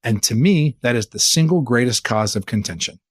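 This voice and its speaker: A man's voice: medium pitch, fairly quick, breathy edge, no echo. Earnest man telling a story, dry sound. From Bay Area, California. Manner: earnest, animated, poses rhetorical questions. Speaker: interview guest, church leader. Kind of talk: conversational storytelling.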